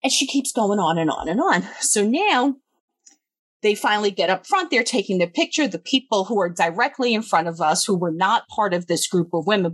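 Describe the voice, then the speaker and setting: A young adult woman telling a story in casual chat, animated and swearing freely. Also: slightly rough, no echo. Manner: animated, swearing, acts out quoted voices higher.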